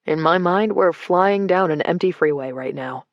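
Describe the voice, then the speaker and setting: Woman reading a laid-back young man who teases and loves his car; low, dry. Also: moderate pace, no room sound, lo-fi sound, natural voice. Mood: easy. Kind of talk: audiobook character dialogue.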